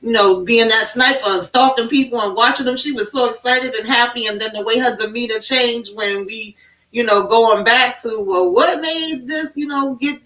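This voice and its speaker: A woman's voice: on the high side, steady tone, normal speed, bright, forceful tone. A woman panelist in a casual online discussion, recounting a scene with a laugh in her telling. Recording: roomy and distant from the mic.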